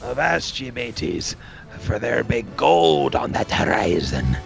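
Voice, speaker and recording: A man putting on the voice of a gruff old pirate captain with a gravelly, drawling voice. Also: lowish voice, sing-song, takes it slowly, faint music behind, full character voice.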